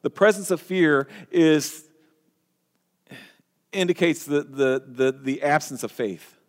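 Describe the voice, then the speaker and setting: A man with a slightly high voice delivers an earnest sermon from the pulpit. He stumbles and restarts phrases as he presses his points. The sound carries a long hall reverb. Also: slow pace. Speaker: pastor.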